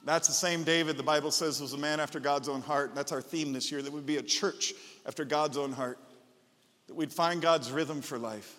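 A man preaching a sermon as pastor, enthusiastic and bursting into loud shouts. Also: on the high side, in a large hall.

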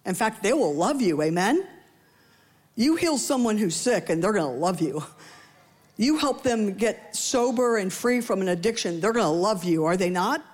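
A woman's voice: expressive, normal speed, a little mellow. A woman preaching a sermon in a conversational, playful way, often acting out quoted voices. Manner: conversational, playful asides to the congregation; acts out quoted voices with rising pitch.

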